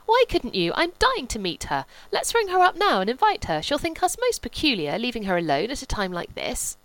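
A woman reading the part of a lively, quick-witted young society woman, her voice raised and bright. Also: a little high, voice pushed up, poor audio. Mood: teasing.

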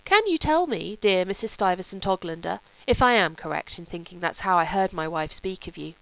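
A woman's voice: fairly low pitch, expressive, brisk, gravelly, fairly bright tone, low-quality recording. A woman reading a novel, voicing a man who is a sardonic artist speaking in an ornate, brooding, ironic way.

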